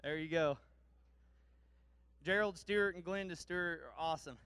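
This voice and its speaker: Bright, clear-voiced energetic man. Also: on the high side, moderate pace, dry recording. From Missouri, USA. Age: 30s. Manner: folksy, joking, energetic. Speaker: guest speaker presenting awards. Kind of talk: casual speech to an audience.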